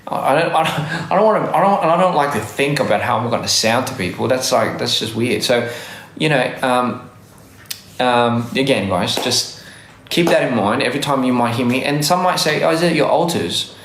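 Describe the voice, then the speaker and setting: A man's voice: medium pitch, animated, moderate pace, a bit bright, reverberant, slight background noise. Man with a mixed Australian accent. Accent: Australian, blended with American. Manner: rambling, self-correcting, laughs often. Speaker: live streamer. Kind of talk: casual live-stream chat with viewers.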